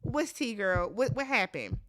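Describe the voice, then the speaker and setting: A woman's voice: medium pitch, very animated, unhurried, fairly bright tone. A woman hosting a casual recap and review vlog, blunt and exasperated, swearing freely and talking straight to the people on the show. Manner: swears freely and asks rhetorical questions. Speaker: reality show recap host.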